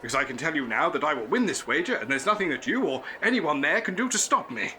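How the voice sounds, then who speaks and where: An actor playing an eccentric, jolly English gentleman adventurer in a comic radio play, plummy and prone to chuckling. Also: a little high, big pitch swings, fast talker, slight background noise. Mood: indignant.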